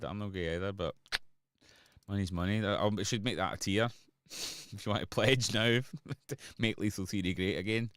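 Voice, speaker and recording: Scottish producer, deep voice, dry close sound, jokey rambling stream banter. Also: male voice, steady tone, normal speed, a bit bright, smooth, no echo. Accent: Scottish, Glasgow area. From Scotland. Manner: joking banter with chat, rambling. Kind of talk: casual livestream chat while producing.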